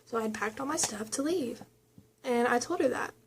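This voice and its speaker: A woman's voice: on the high side, normal speed, slight background noise. A young adult woman vlogger chatting casually, retelling a personal story in a rambling way full of fillers and quoted dialogue.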